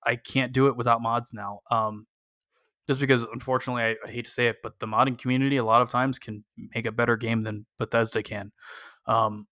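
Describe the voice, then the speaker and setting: A man's voice: medium pitch, flat delivery, brisk, bright, forceful tone, no room sound, studio quality. A man talking casually on a gaming podcast, giving cautious, opinionated advice with frequent "um" fillers. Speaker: podcast co-host.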